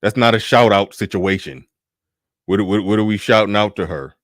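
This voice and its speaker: A man's voice: fairly low pitch, normal speed, dry recording, studio quality. A man giving a blunt, profane reaction commentary, talking animatedly and laughing often.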